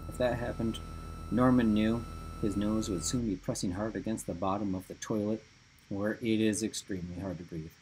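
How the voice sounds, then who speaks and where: A man reading a story aloud in an even storytelling manner. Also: fairly low pitch, moderate pace, slight background noise, poor audio. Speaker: reader. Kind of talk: audiobook narration.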